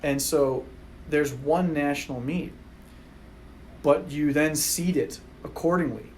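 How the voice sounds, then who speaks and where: A man's voice: a little high, slow, a little mellow, a little hiss or hum, low-quality recording. A man talking casually on a podcast about college track, rambling with restarts.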